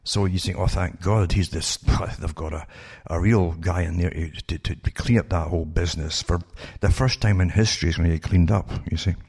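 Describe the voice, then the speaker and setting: An older man reads out news articles and mocks them in a sardonic solo commentary, turning to his listeners with rhetorical questions. His voice sits very low and has a rough, gravelly edge. A husky grain runs through his speech. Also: fairly even intonation, fairly quick, hardly any pauses, a little mellow. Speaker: political commentator.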